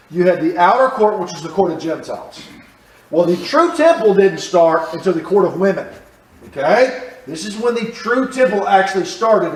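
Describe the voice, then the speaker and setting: Animated male Bible teacher, roomy church. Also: high voice. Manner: animated, asks the class questions, repeats phrases. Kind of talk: Bible class teaching with audience questions. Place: church room. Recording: roomy echo, mic at a distance.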